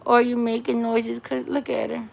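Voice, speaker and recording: A woman's voice: on the high side, flat delivery, normal speed, gravelly. A woman hosting a casual live stream from home on her phone, chatting with viewers and cooing baby talk to her dog. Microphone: phone camera.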